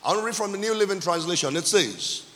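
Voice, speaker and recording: A male pastor preaching a sermon, repeating key phrases and shouting for emphasis. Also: high-pitched, animated, fast talker. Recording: long hall reverb.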